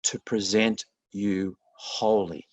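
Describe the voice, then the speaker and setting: A man's voice: fairly low pitch, little pitch movement, slow pace, darkish tone, no room sound, muffled recording. A man preaching a sermon in an earnest, conversational way, often restarting his sentences. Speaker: pastor.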